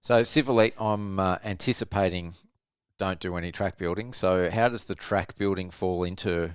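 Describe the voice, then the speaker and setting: A male podcast host with a very low voice asks short, easygoing questions. He sounds a little off-mic in a dry room. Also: normal speed, clear, resonant tone, dry recording. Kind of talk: casual podcast interview.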